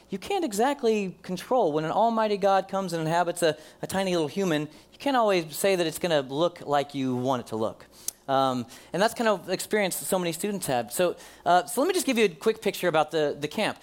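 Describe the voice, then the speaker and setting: A man's voice: high voice, lively intonation, fast. A man preaching a sermon to his congregation in a conversational way, with ums and uhs. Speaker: pastor.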